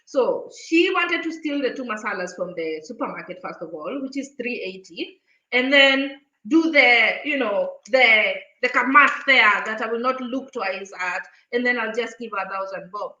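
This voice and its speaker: A woman vlogger talks straight to camera, retelling a run-in with a lively, indignant energy. Her voice is high and bright. The room around her is echoey. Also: moderate pace, highs cut off. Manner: animated, indignant retelling with acted-out quotes. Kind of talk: casual storytelling to camera.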